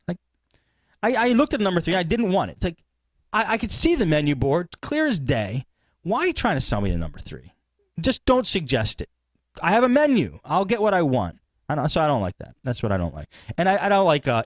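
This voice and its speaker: Animated ranting podcast host, dry mic. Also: male voice, fairly high pitch, a little fast, no room sound. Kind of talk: casual live podcast chat.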